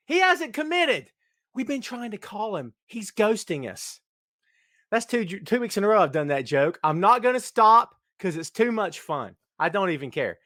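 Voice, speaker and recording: A middle-aged man with a fairly high voice hosts a live stream, bantering and shouting out his regular viewers. He is recorded dry and close, with no room sound around him. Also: no echo. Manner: jokey, hyped, greeting viewers by name. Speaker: podcast host. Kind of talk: casual live-stream chat.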